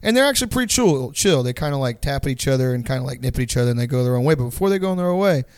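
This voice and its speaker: A man's voice: medium pitch, lively intonation, very fast, darkish tone, smooth, no room sound, studio quality. A young man telling stories in a casual chat, rambling and profane, full of "like" and slang. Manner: rambling, profane storytelling with lots of "like". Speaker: podcast co-host.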